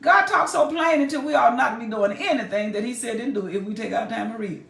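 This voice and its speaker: A woman's voice: on the high side, fast talker, creaky, a bit bright. A woman teaching a Bible chapter in a sermon, emphatic and folksy, talking straight at her listeners. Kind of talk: preaching Bible exposition. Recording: echoey room, mic far off.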